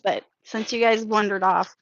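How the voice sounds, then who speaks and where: A woman's voice: medium pitch, steady tone, normal speed, muffled recording, a little hiss or hum. A woman in a tabletop game session, talking hesitantly and stammering in casual chat.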